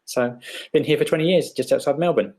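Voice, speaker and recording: A man's voice: a little high, fairly quick. A middle-aged man, answering as an interview guest in a modest, hesitant way. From England. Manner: modest, hesitant, with soft laughs. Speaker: illustrator, guest. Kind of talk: casual video interview.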